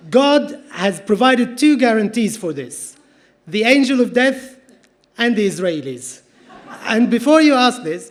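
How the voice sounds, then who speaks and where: A man reads his comic story to a theatre crowd over a stage microphone. His voice sits notably high for a man, and he tells it wryly and dryly, timing every punchline. It has the feel of a live literary reading.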